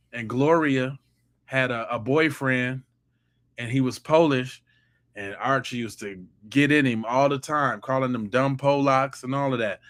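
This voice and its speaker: A man's voice: mid-range voice, a bit bright. Sex: man. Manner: heated, mocking. Style: live-stream commentary. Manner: heated, mocking, talks straight at the chat. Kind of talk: casual live-stream commentary reading chat.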